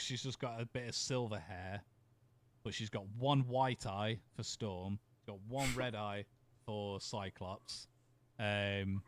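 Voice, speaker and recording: A man's voice: on the low side, slight background noise. A man co-hosting a podcast, chatting casually, rambling, swearing and laughing often. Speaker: podcast co-host. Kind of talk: casual chat.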